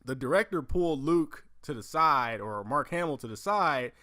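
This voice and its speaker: A man hosting a casual movie news podcast, profane and animated, acting out lines from films as he tells them. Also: mid-range voice, normal speed, no room sound, studio quality. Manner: profane, animated storytelling with acted-out quotes. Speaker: podcast host.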